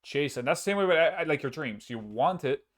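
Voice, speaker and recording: A man's voice: on the high side, lively intonation, quick pace. Rambling man hosting a podcast. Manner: rambling, frequent restarts, swears casually. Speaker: podcast host and streamer. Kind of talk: casual podcast chat.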